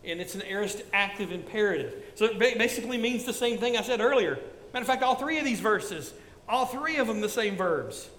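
Man, about 60, pastor preaching; high-set voice, repetitive, earnest; reverberant sanctuary sound. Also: expressive, fairly quick. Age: around 60. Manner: earnest, repetitive exhortation, drops soft for stories. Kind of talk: sermon.

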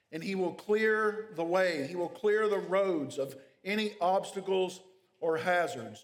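A man delivers an expository sermon, reading scripture passages aloud and then unpacking them for his listeners. His voice sits a little on the high side for a man. The sound carries a long reverb, as in a large church sanctuary. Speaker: pastor.

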